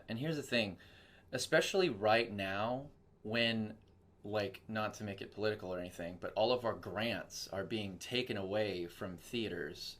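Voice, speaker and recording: A young man, a voice actor from Texas, chatting casually in an interview and acting out quoted voices as he tells stories. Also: on the low side. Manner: animated storytelling with quoted voices. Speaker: voice actor guest.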